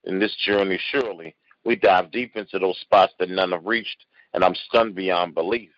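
A man with a fairly low voice recites his spoken word poetry slowly and with deliberate weight. He is a guest poet on an online call. The audio is dry and muffled, with the dull sound of a lo-fi call. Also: fairly even intonation, a bit bright, no echo.

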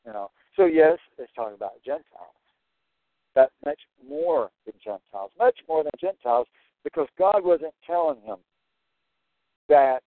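A man's voice: fairly high pitch, animated, normal speed, pauses often, dry recording. A man teaching through a Bible passage verse by verse, stressing and repeating his key points. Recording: tinny phone-like dry sound.

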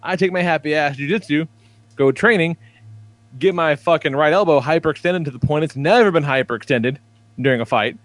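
A man's voice: on the high side, brisk, no room sound. A man in his thirties telling rambling, profane stories on a casual podcast. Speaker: podcast co-host.

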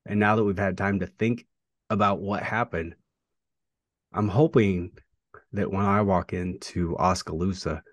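A man, a pro wrestler, talking through a rivalry in a casual interview, reflective and halting with fillers and restarts. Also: sits low, steady tone, dry recording.

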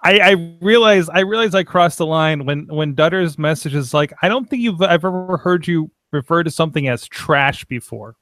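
Excitable, stammering male podcast host. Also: fairly high pitch, normal speed, hardly any pauses, no room sound, studio quality. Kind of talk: casual chat.

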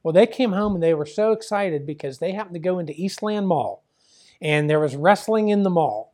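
A man's voice: sits high, expressive, a little fast, a little mellow. An older man from the Pittsburgh area, a former wrestling promoter, telling a rambling story full of fillers and acted-out dialogue. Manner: chatty, many fillers, acts out quoted dialogue.

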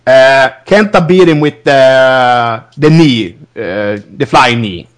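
Podcast host guy, lively up-and-down voice, unhurried, keeps cracking up mid-story. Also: medium pitch. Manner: rambling, laughs often, many restarts. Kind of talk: casual wrestling recap chat.

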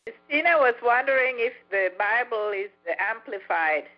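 A woman's voice: fairly high pitch, animated, moderate pace, muffled recording. A woman taking part in a Bible study, answering politely and briefly. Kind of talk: casual group chat.

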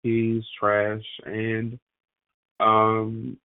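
Brief: male phone caller, measured and hesitant, phone-line audio. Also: on the low side, monotone. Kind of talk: casual chat.

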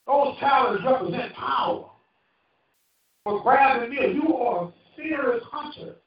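A man's voice: extremely high pitch, unhurried, dull audio, pitched above the performer's own voice. A preacher voicing a wise male eagle who urges a young eagle on, in an echoey hall from a distant mic. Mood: urging. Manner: urging, emphatic.

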